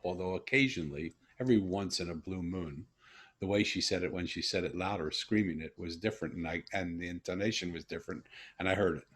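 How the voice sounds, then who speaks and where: A man with a very low, husky voice tells a long personal story to a guest. He speaks earnestly and reflectively, pausing and restarting as he searches for the right words. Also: a bit bright. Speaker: host. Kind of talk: conversational storytelling.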